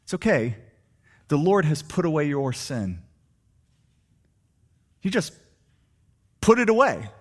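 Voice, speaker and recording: A man preaching a sermon, asking the congregation rhetorical questions and swinging between soft and emphatic delivery. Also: fairly high pitch, takes it slowly, pauses often. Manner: animated, rhetorical questions, shifting loud and soft. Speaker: pastor.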